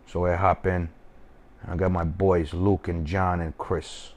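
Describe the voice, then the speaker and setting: A man's voice: deep voice, flat delivery, a little slow, darkish tone. A man putting on a swaggering, profane New York gangster manner with a put-on New York accent while telling a story at home. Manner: profane, boastful, rambling. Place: home kitchen.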